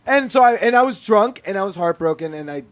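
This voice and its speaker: A man's voice: high voice, lively intonation, fast talker, fairly bright tone. A man hosting a podcast live on stage, telling stories in a self-deprecating, laughing way. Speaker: podcast host.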